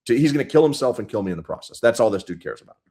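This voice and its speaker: A man's voice: mid-range voice, very animated, very fast, mellow. A man in his thirties, a police sergeant guest, telling a story bluntly and profanely in a casual interview. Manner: blunt, profane, intense retelling.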